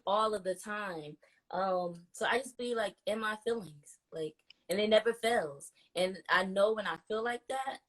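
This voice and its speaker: Female co-host, low-pitched, relaxed drawl, casual chat. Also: rough recording. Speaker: podcast co-host.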